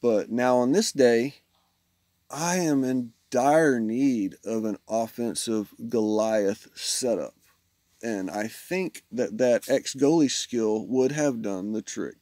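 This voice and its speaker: A man's voice: medium pitch, takes it slowly, warm tone, no room sound, clean studio sound. A man live-streaming a mobile game, rambling through his setup and joking with friends on a voice call. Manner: rambling, jokey, talks to chat and friends. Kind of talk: casual gameplay commentary.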